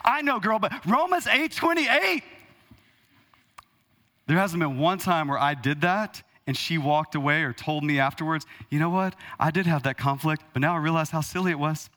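A man in his thirties preaching a sermon from the pulpit, animated and rhetorical, calling out to the congregation. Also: on the high side, normal speed. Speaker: pastor. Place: church hall. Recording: long hall reverb.

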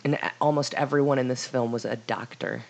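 A woman's voice: a bass voice, steady tone, a little fast, gravelly. A woman co-hosting a casual movie podcast, trading dry, sarcastic quips. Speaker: podcast co-host. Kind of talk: casual movie review chat.

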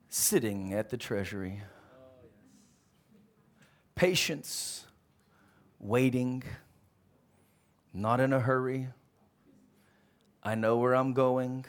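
Animated preacher quizzing his congregation. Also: medium pitch. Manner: animated, calls out questions to the congregation. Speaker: pastor. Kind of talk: sermon.

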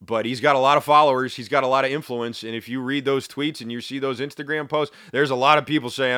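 A man's voice: medium pitch, fairly even intonation, fast, few pauses, pushed and bright, clean tone, dry recording, clean studio sound. A man hosting a solo podcast, talking in an emphatic, indignant way with sarcastic asides. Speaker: podcast host. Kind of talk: opinionated solo podcast commentary.

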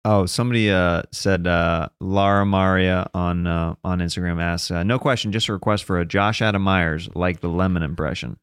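A man's voice: sits low, fairly even intonation, normal speed, few pauses, smooth, dry recording, clean studio sound. A man hosting a comedy podcast, joking loosely with a guest and reading listener questions in an offhand way. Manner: loose, joking, filler-heavy. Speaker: podcast host. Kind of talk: casual chat.

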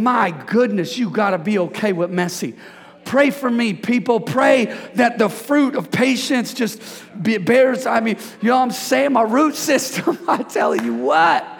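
A man preaching a lively sermon as pastor, joking and calling out to the congregation. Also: very high-pitched, gravelly, husky. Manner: animated, preachy, jokes with congregation. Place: church sanctuary. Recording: hall reverb.

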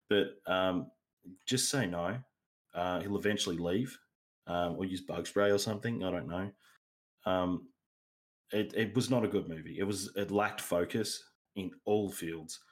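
Male co-host, deep-voiced, loose and rambling in casual chat. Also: moderate pace. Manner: rambling, goes off on tangents. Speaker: podcast co-host.

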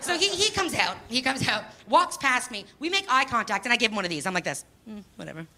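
A woman stand-up comedian telling a story on stage, lively and full of mock quotes. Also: on the high side, fast talker. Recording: distant stage recording with noise.

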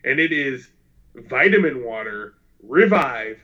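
A man co-hosting a casual podcast, talking in a playful, boastful way. His voice is bright and forward. The recording sounds a little dull and lo-fi. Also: medium pitch, expressive, takes it slowly. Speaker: podcast co-host.

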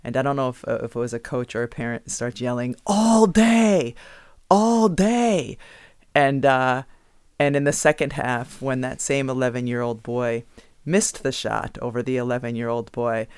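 A man co-hosting a podcast in casual chat, telling stories and getting animated when he quotes others. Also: medium pitch, a little fast, smooth, no echo. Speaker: podcast co-host; youth basketball coach.

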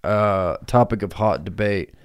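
A man's voice: on the low side, measured pace, clean tone, no echo. A young man co-hosting a podcast in a studio, trading crude jokes, swearing freely and laughing often. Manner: laughs often, swears, jumps into silly put-on voices. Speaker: podcast co-host. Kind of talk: crude casual banter.

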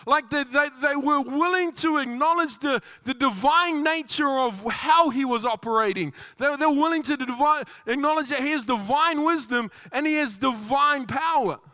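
A man preaches with a strikingly high, crisp-edged voice. He acts out little bits of dialogue and often restarts his lines. The sound is close and dry, without room echo. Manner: animated, acts out quoted dialogue with repeated restarts. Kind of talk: sermon.

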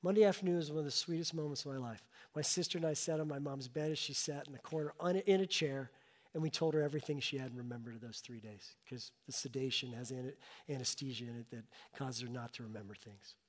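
A man's voice: medium pitch, fast. A middle-aged male pastor preaching a sermon, telling a personal story with rising and falling emotional intensity. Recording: long reverb of a large hall.

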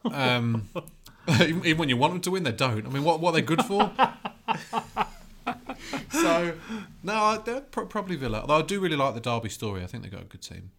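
A man co-hosting a football podcast, talking in a hesitant, halting way with many fillers. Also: on the high side, sing-song, a bit bright. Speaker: podcast co-host, football journalist. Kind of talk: casual football podcast chat.

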